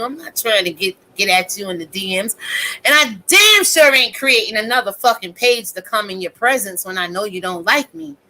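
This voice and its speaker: A woman, in her thirties, delivering a blunt, profane, animated live-stream rant as a commentary host. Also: mid-range voice, slight background noise, poor audio.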